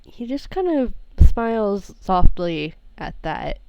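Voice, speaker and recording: A woman's voice: mid-range voice, big pitch swings, slow pace, creaky, dark tone, smooth, no echo, rough recording. A woman narrating her character in a casual tabletop role-play, descriptive and giggly.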